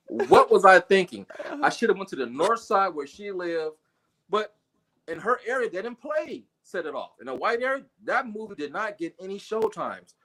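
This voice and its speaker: A man's voice: high-pitched, sing-song, normal speed, long pauses, fairly bright tone. A man telling a funny personal story in a casual livestream chat, acting out the people he quotes with big jumps in his voice. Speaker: guest storyteller. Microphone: video call.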